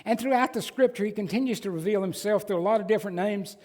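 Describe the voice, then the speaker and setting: A man with a Southern American accent preaches a sermon as pastor in a church sanctuary, his voice high, quick, and somewhat mellow. He's folksy and emphatic, tossing in joking asides, and the recording carries the long reverb of a church hall.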